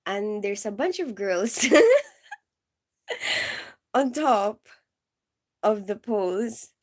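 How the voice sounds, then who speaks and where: A woman chatting casually on a live stream, giggly and rambling, filling her talk with "like" and "you know". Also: mid-range voice. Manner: giggly, keeps bursting into laughter.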